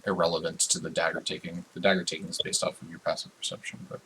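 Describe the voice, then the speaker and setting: A man's voice: deep voice, level tone, fast talker, sharp tone, faint music behind. A man talking casually while running moves at a tabletop game, loose and laughing with many fillers.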